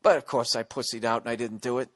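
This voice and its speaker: A middle-aged American man hosting a podcast, delivering a profane, rambling comic monologue with swings between loud rants and muttered asides. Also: medium pitch, fairly even intonation, quick pace. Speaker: podcast host.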